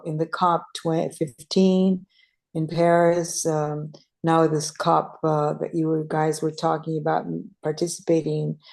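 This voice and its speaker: A woman's voice: sits low, vocal fry, darkish tone. A woman from Brazil speaking in an online meeting, tired and hesitant, with many restarts. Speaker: meeting participant. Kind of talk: casual online meeting talk. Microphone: video call.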